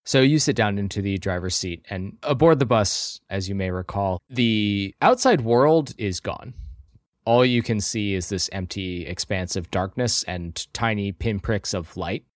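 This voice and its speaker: A man running a tabletop role-playing game as game master, narrating scenes in a measured, descriptive way with casual asides. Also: fairly low pitch, no echo, studio quality.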